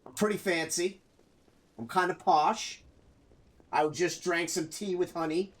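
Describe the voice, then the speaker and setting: A man's voice: sits high, fairly even intonation, unhurried. A man streaming a video game, chatting casually and joking with viewers and his dogs.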